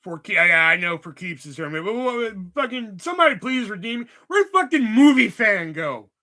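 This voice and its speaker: A man's voice: sits high, big pitch swings, moderate pace, sharp tone. A man hosting a livestream, chatting casually about movies in a rambling, sarcastic way full of swearing. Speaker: livestream host.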